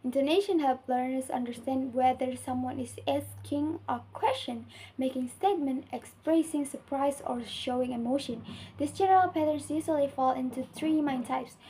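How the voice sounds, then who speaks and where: Young woman, Indonesian accent, student reading an assignment, high voice, mellow tone, faint background hiss. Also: normal speed, poor audio. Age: young adult. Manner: careful, earnest reading with small slips.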